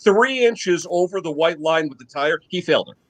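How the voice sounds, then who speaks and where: High-voiced older man telling stories. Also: moderate pace, low-quality recording. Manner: animated storyteller, checks in with "okay?" tags. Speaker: guest on live chat. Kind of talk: casual storytelling chat.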